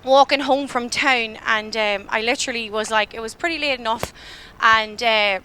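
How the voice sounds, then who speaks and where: A woman's voice: a little high, normal speed, sharp tone, clean tone. A young Irish woman in her twenties giving a church talk, telling a story in a chatty way and acting out her own panicked thoughts. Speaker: church speaker. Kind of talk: storytelling sermon.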